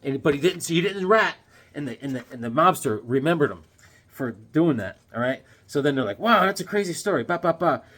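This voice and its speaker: A man's voice: medium pitch, animated, a little fast, fairly bright tone. A man casually reviewing comic books, rambling and joking, with plenty of fillers and "right?" tag questions. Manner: loose and chatty, full of fillers and tag questions; jokey, with puns.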